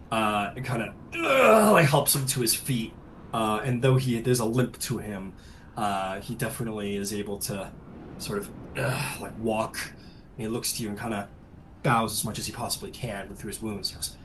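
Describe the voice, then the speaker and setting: A man narrating as game master of a tabletop game, relaxed, with many fillers. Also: on the low side, moderate pace, slight background noise, poor audio.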